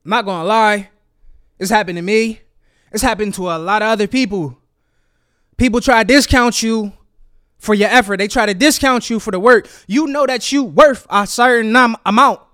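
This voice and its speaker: A man hosting a casual solo podcast, telling a story and acting out the people in it with lively quoted voices. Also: very high-pitched, clean tone, dry recording, clean studio sound. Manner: animated storytelling with acted-out quotes. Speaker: podcast host.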